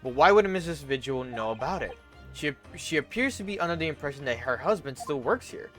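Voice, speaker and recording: A man voicing a polite young male lawyer, reading questions from a game in a plain, even way. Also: a little high, a little fast, faint music behind. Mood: inquisitive. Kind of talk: reading game dialogue aloud.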